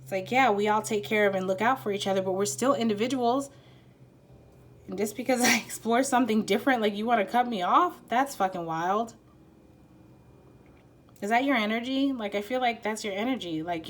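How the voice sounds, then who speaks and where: A woman giving a casual tarot reading, rambling with lots of "like", cutting herself off, swearing freely and apologizing often. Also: on the high side. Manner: rambling, lots of "like", self-interrupting. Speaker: tarot card reader.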